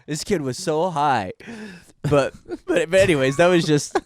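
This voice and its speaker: A man's voice: fairly high pitch, normal speed, no room sound. A young man co-hosting a podcast, telling a long story in casual chat, rambling with lots of fillers and laughing as he goes. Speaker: podcast co-host.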